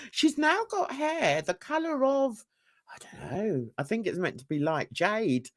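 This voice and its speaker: A woman's voice: a little high, big pitch swings, slow, long pauses, a bit bright. A woman hosting casual reaction commentary, chatty and gossipy, laughing often. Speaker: commentary channel host.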